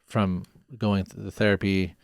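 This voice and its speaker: Deep-voiced male host, dry sound. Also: level tone, a little slow, vocal fry, dry recording. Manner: affirming, with short agreeing interjections. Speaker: podcast host. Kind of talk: casual interview chat.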